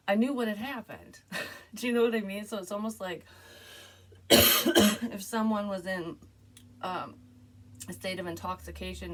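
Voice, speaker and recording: A woman psychic casually retelling a strange dream to camera, rambling, swearing and filling with "like". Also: lowish voice. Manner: rambling, animated, swears freely, frequent "like" fillers. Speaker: psychic medium sharing a dream.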